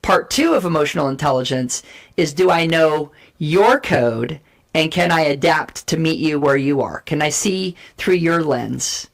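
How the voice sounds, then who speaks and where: A woman guest giving an energetic, persuasive talk on communication styles and acting out short role plays to make her points. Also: sits low, a little slow, vocal fry. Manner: energetic, persuasive, emphatic teaching. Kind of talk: animated explanatory talk with role play.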